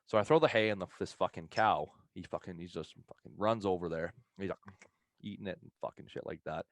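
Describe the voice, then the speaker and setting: Man, low voice, casual podcast storytelling, profane, rambling, dry close mic. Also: fairly quick, dry recording. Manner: profane, rambling, laughs through his story. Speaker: podcast co-host telling a story.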